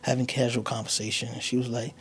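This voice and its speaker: A comedian telling a story in an animated, slangy way, sometimes dropping to a whisper. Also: male voice, mid-range voice, fast talker, slight background noise. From United States. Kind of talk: comic storytelling monologue.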